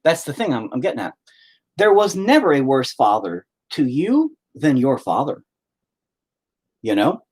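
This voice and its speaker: Live streamer, male, husky voice, very lively intonation, heated and profane, casual storytelling. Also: mid-range voice, measured pace, pauses often.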